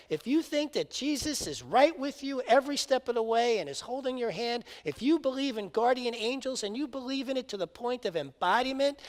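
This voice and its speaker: A man giving a sermon as a spiritual minister, telling a story and speaking emphatically, in a reverberant hall. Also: very high voice.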